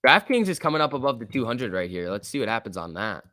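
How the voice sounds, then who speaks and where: A man hosting a live market stream, talking casually and getting excited as he reacts. His pitch swings widely between calm remarks and sudden bursts of enthusiasm. The sound is dry and close, with no room around it. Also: fast, dry recording. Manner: excitable, reacts aloud and reads chat. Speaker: livestream host.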